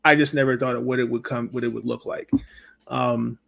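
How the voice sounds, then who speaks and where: A man hosting a sports talk podcast, chatting over a video call. He talks hesitantly, repeating words and filling pauses with fillers. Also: mid-range voice, level tone, creaky, a bit bright. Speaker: podcast host. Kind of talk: casual interview chat.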